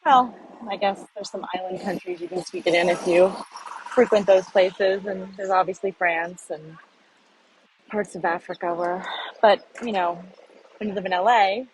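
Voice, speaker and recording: Against a noisy background, an American woman rambles self-deprecatingly in a casual street vlog recorded on her phone. Her voice is medium-pitched and her pace is normal.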